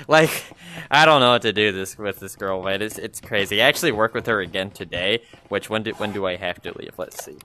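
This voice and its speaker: A man's voice: on the low side, fairly quick, sharp tone, slight background noise. A young man rambling and complaining about his job in a casual gaming vlog, full of fillers, speaking into a VR headset mic. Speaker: gaming vlogger.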